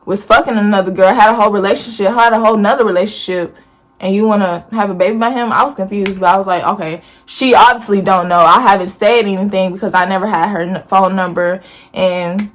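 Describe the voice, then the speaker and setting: A woman recounts a family story straight to camera. Her delivery is blunt, profane and animated, the talk of a casual storytime vlog. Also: medium pitch, fast. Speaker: vlogger.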